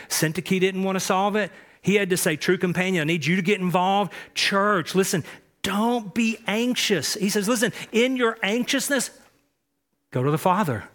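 Male pastor, slightly high voice, emphatic sermon delivery with repeated phrases. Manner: emphatic preaching, swings between soft and loud; repeats key phrases, frequent restarts.

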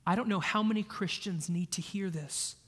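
A man preaching a sermon as a pastor, earnest, moving between hushed passages and emphatic lines. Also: high-pitched, normal speed. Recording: long hall reverb.

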